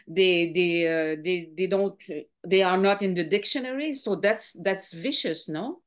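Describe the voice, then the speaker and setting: A woman's voice: fairly low pitch, a little slow. A woman interviewing an author, speaking hesitantly and mixing in phrases. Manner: hesitant, mixes in French phrases. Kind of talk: festival interview.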